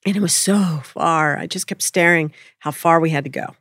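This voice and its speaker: A woman's voice: deep voice, normal speed, fairly bright tone, no echo, clean studio sound. A woman telling a spiritual life story in a casual, reflective way, laughing often. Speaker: spiritual speaker.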